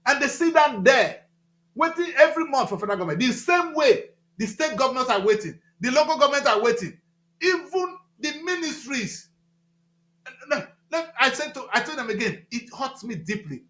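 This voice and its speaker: A man with a Nigerian accent giving impassioned talk-show commentary, emphatic and repetitive, with loud outbursts. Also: very high voice, lively intonation, normal speed, roomy sound.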